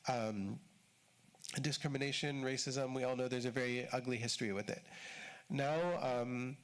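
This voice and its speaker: Speaking at normal speed with a medium pitch and fairly even intonation, this man is a shaykh delivering a conversational mosque talk. He explains in short repeated phrases and uses casual fillers.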